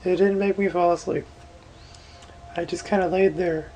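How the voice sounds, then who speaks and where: Brief: tired man, gravelly fry, hushed late-night vlog storytelling that spikes into animated bursts. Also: high-pitched, normal speed, slight background noise, poor audio. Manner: hushed, drowsy storytelling that swings from whispers to animated outbursts. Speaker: vlogger. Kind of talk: late-night personal vlog, half-whispered.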